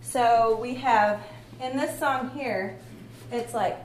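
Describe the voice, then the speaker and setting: A fairly high-voiced woman leads a music lesson with a patient, encouraging manner, now and then singing a phrase to show the beat. The room is echoey and has a faint hum of ambience behind her. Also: slow pace. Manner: patient, encouraging, sings short phrases to demonstrate. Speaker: music teacher. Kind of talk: classroom music demonstration.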